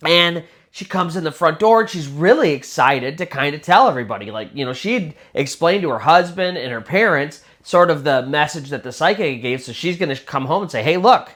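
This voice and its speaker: A man's voice: on the high side, lively intonation, brisk, hardly any pauses, fairly bright tone. A man telling a spooky true story in a casual, conversational way, full of little fillers. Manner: conversational, many fillers like "kind of" and "sort of".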